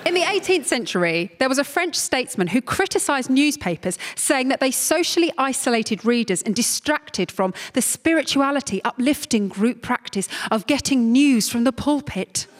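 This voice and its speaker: A woman's voice: high voice, lively intonation, moderate pace, hardly any pauses, big-room sound. A woman hosting a comedy show, delivering a scripted monologue to a live audience with dry, teasing wit.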